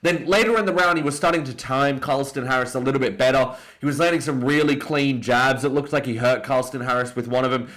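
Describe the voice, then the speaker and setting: A young Australian man giving an opinionated, excitable casual breakdown of fights, often jumping up in pitch for emphasis. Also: fast talker, few pauses. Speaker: MMA commentator.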